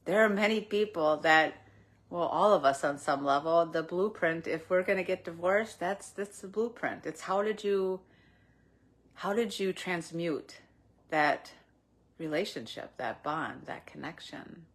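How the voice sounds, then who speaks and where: A middle-aged woman giving a gentle, reflective spiritual talk with soft laughs now and then. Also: on the low side, measured pace. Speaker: spiritual teacher. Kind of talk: spiritual talk, live stream.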